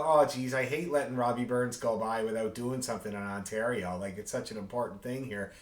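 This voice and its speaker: A man's voice: on the high side, reverberant. A man teaching a beginner fiddle class over a video call, chatty and rambling with chuckling asides. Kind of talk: online group music lesson.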